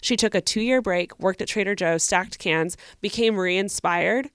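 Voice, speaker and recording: A woman's voice: medium pitch, unhurried, smooth, no room sound, clean studio sound. A young woman co-hosting a podcast, giving earnest, encouraging advice in casual chat. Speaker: podcast co-host.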